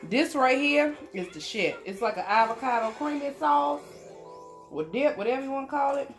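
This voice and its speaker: A woman's voice: sits high, lively intonation, moderate pace, faint music behind. Chatty young woman eating on camera. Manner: chatty, talks with food in mouth, hums while chewing. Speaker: mukbang vlogger. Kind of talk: casual eating vlog.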